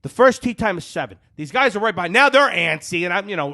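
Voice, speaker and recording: A man in his thirties from New Jersey, co-hosting a podcast and telling a story in casual chat, loud and animated with bursts of shouting. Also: high-pitched, fast, hardly any pauses. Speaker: podcast co-host.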